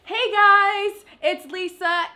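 High, bright-voiced playful woman. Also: steady tone, slow pace, a little hiss or hum. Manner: teasing, playful, mock-addresses the audience. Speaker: co-host of a couple's channel. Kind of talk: casual couple banter.

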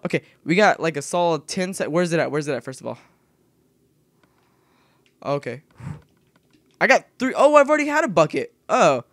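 Excitable young man rambling over gameplay. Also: fairly high pitch, moderate pace, pauses often, no room sound, studio quality. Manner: rambling, excitable, yelps when startled. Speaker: gaming video creator. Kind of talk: casual gameplay commentary.

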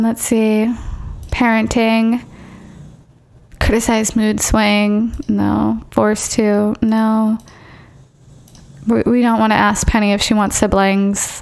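A young woman chatting casually as she streams a life-simulation game, excitably telling her characters what to do. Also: medium pitch, gravelly. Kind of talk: casual gameplay commentary.

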